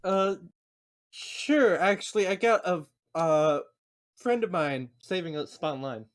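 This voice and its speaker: Man player, in-character banter: slightly high voice, slow and hesitant delivery. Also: expressive. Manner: hesitant, laid-back. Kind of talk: in-character tabletop play.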